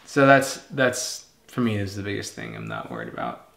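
A man in casual conversation as co-host of a homestead video, talking haltingly with many restarts and trailing off quietly. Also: fairly low pitch, huge pitch swings, gravelly. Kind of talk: casual chat. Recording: echoey room.

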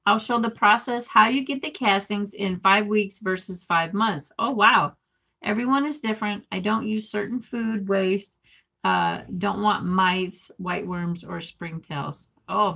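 A woman hosts a loose live stream in a bright, forceful voice, talking slowly. She rambles, giggles often, and reads viewers' comments aloud as she goes. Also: medium pitch, gravelly. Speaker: livestream host reading chat. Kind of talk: casual live-chat talk.

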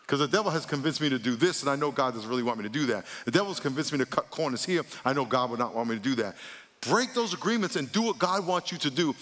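Male pastor preaching in a reverberant church. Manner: animated preaching, voice jumps high for mock voices. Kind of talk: sermon. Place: large church auditorium. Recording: long hall reverb.

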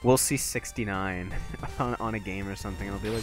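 A man streaming a video game live, excitably talking himself through boss fights and swearing often. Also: fairly low pitch, brisk, over music. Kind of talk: live gameplay commentary.

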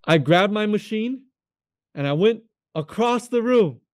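A young man with a high, light voice tells his faith testimony as a guest. He talks animatedly and acts out the people in his story. The sound is close and dry, with no room echo. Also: unhurried. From California. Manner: animated, acts out quoted voices, addresses the host by name often.

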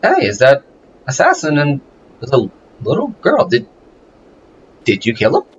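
A man hosting a gameplay video, chatting casually with rambling restarts and excitable exclamations. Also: mid-range voice, a little slow, lo-fi sound, a little hiss or hum. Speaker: gaming video host.

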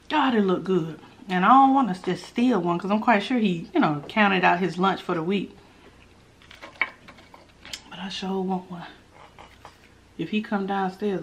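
A woman vlogger in casual mukbang chat while eating, talking straight to her viewers with playful asides and hums. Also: medium pitch. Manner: chatty, talks straight to viewers as y'all. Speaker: food vlogger.

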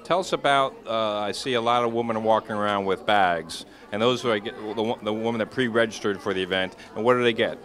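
A man's voice: lowish voice, fast, hardly any pauses, fairly bright tone. A man interviewing people at a downtown event, friendly and joking. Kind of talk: street interview. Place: outdoors downtown at night.

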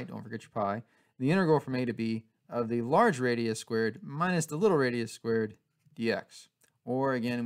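Gravelly-voiced man teaching calculus. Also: medium pitch. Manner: relaxed, conversational explaining with filler words. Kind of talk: casual math lesson.

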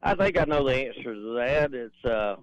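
A man's voice: mid-range voice, expressive, normal speed, no echo. A man calling in to a radio show, easygoing and a little hesitant. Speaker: caller. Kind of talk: casual phone call. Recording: dull phone-line call.

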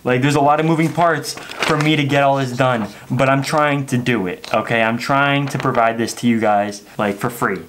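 A man's voice: mid-range voice, moderate pace, few pauses, noisy background. A young man talking to camera in a casual vlog rant, telling stories with lots of "like" and "okay?". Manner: animated storytelling, frequent "like" and "okay?". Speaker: wrestling vlogger.

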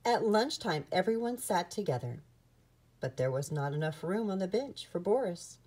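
A woman reading a children's picture book aloud with an expressive storytelling manner. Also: on the low side, moderate pace, husky.

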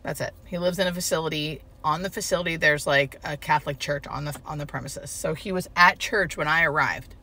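A woman who works as a hospice nurse, casually telling a story to camera in an animated, expressive way. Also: deep voice, brisk, hardly any pauses. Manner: animated, expressive retelling with quoted dialogue.

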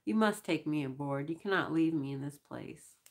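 A woman's voice: sits low, normal speed. A woman voicing a male escaped prisoner who grovels and begs in a plaintive, wailing way.

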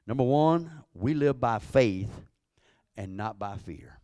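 A man preaching a sermon as pastor, calling out to his congregation and building to loud emphatic peaks. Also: mid-range voice, animated, slow, no echo, clean studio sound.

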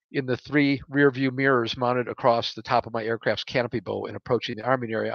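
A man reading aloud from his own book in first person, tense, raising his voice for radio calls and dropping low for inner thoughts. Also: a bit bright, no echo, muffled recording.

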